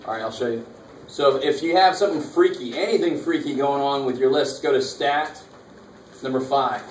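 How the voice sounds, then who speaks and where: A man's voice: mid-range voice, normal speed. Laid-back man teaching a math class. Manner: casual, walks students through calculator steps, slangy. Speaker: math instructor. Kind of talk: classroom lecture. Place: college classroom. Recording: echoey classroom, mic far off, faint noise.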